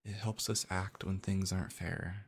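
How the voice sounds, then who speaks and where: A man doing soothing whispered boyfriend role-play, deep and gravelly. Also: steady tone, moderate pace. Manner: soothing, gentle, reassuring; soft, partly unvoiced whispering.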